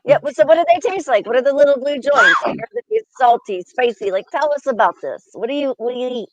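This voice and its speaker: A woman's voice: sits high, animated, quick pace, no echo, muffled recording. A woman co-hosting a casual live stream, asking question after question in a teasing way. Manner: curious, teasing, asks many questions.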